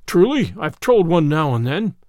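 A man's voice: fairly high pitch, big pitch swings, moderate pace, a little mellow, no echo, studio quality. A man voicing a friendly, merry cook who talks in old-fashioned phrases, in a storybook reading. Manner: archaic phrasing, affectionate. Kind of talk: storybook character voice.

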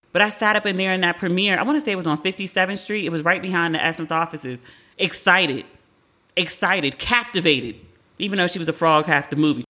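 A woman in her forties with a fairly low, sharp voice hosts a casual pop-culture talk podcast. She's chatty and candid, swears freely, and impersonates the people she quotes.

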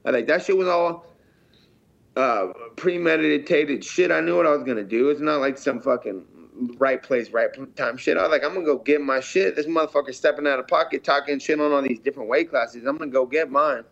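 A man's voice: fairly high pitch, a little fast, gravelly, fairly bright tone, highs cut off. A man who fights professionally, talking in a casual interview in a brash, rambling, heavily profane way.

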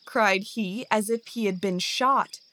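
A woman reading a storybook tale aloud in a measured, gentle way. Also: mid-range voice, background noise. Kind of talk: scripted storybook narration.

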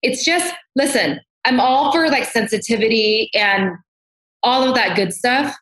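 Speaking unhurriedly in a fairly high, slightly bright voice, a woman makeup artist gives a candid, animated guest interview in a casual setting. She swears freely, and the room echoes around her.

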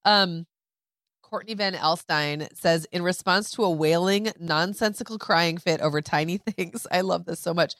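Low-voiced woman podcast co-host. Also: normal speed, no room sound, clean studio sound. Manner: reads listener quotes aloud, relaxed and conversational. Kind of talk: casual chat.

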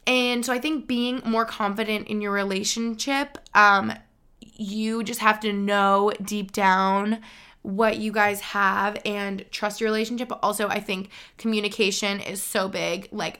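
Young woman, podcast host, casual advice chat, gravelly fry, many fillers. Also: mid-range voice, fairly bright tone. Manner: chatty, filler-heavy, earnest.

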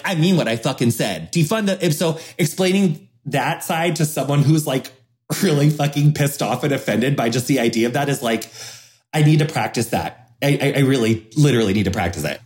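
A man's voice: fairly high pitch, fairly quick, darkish tone. A male podcast host talking in a slightly raised voice, loose and rambling. He restarts his sentences often and drops swear words for emphasis. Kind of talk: casual podcast conversation.

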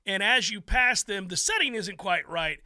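A man hosting a sports talk show, telling stories in an animated, theatrical way. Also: high-pitched, normal speed, no echo. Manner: animated, theatrical storytelling with laughs. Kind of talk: casual chat.

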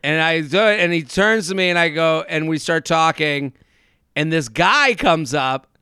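A man's voice: on the high side, lively intonation, normal speed, pushed and bright, clear, resonant tone, dry recording, clean studio sound. A man and comedian chatting on a podcast, telling stories with stumbling restarts and playful mimicked voices. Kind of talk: casual podcast chat.

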